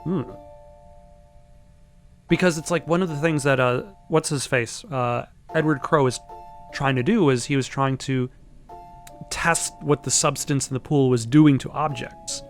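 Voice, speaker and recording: A man's voice: medium pitch, measured pace, pauses often, soft background music. A man giving casual gameplay commentary, wry and self-mocking. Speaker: let's play host.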